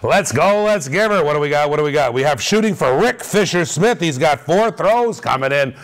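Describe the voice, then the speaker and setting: Host type: high-pitched man, hyped live-auction caller, repeats himself a lot. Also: normal speed. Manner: energetic, repetitive hype calls with laughs. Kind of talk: excited live-stream patter.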